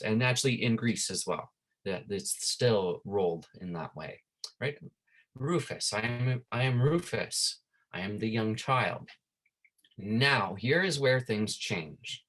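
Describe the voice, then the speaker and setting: A man teaching a Latin class online, who reads Latin lines slowly and ends nearly every phrase with "right?". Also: mid-range voice. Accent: Canadian. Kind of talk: online lesson.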